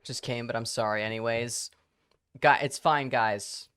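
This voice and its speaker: A live streamer talking casually to their audience at a middle pitch. The talk rambles, breaks into laughter often and drops curse words freely. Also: fairly even intonation, unhurried, fairly bright tone, clean tone.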